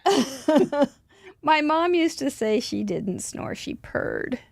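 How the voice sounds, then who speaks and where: A woman with a high, squeaky voice hosting a live crafting show, chatty and giggly with playful exclamations. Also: sing-song, slow, creaky, dry recording, studio quality. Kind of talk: casual chat during a live craft show.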